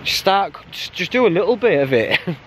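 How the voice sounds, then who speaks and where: A man chatting casually while hiking a mountain trail, blunt and quick to laugh. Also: sits high, lively intonation, a bit bright, slight background noise. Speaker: hiker vlogger. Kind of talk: casual outdoor vlog chat.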